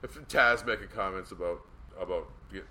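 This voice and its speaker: Profane, excitable podcast co-host man. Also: sits low, brisk, a little hiss or hum. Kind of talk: casual wrestling chat.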